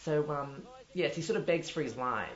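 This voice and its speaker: A man's voice: on the high side, animated, moderate pace, lightly acted. A man with an Australian accent playing a pompous, self-important male drama teacher who rambles with many restarts. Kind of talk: mockumentary comedy. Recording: dull lo-fi audio in an echoey room with faint music.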